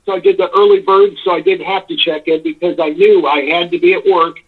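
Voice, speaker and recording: A man's voice: high-pitched, steady tone, a little fast. A man calling in by phone, telling a long, rambling complaint story, exasperated and swearing freely. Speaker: caller. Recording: tinny phone line.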